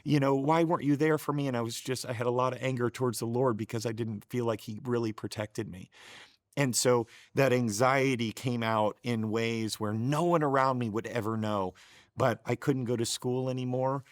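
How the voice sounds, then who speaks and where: A man's voice: medium pitch, fairly even intonation, normal speed, no room sound. Middle-aged guy telling his testimony, earnest and choked up, dry close sound. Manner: earnest, gets choked up, restarts often. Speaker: show co-host sharing his testimony. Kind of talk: emotional personal testimony.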